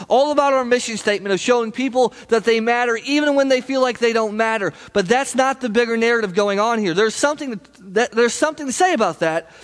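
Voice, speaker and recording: A man preaching a sermon, animated, acting out the lines of the people in the story, often repeating and restarting words. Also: high-pitched. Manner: animated, acts out dialogue with repetitions and restarts. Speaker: pastor.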